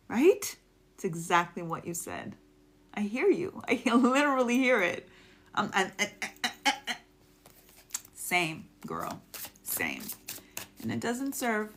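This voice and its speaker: A woman's voice: medium pitch, a bit bright. A woman giving a casual, affectionate live tarot reading, spiritual and encouraging, with many restarts. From United States. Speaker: tarot reader.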